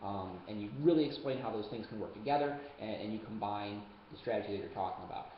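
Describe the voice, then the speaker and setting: Young man coaching debate over a webcam. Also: on the low side. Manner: casual, joking, quick asides. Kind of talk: webcam lesson. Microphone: webcam mic. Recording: roomy, dull webcam audio, faint hiss.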